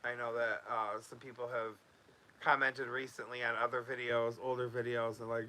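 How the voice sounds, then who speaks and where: A man chats loosely to his viewers from home, full of "um"s and restarts as he drifts between updates. His voice is bright and pushed forward, with a middling pitch. It sounds like an easygoing vlog update. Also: little pitch movement, normal speed, slight background noise. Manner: rambling, loose, with many fillers and restarts. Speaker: YouTube host.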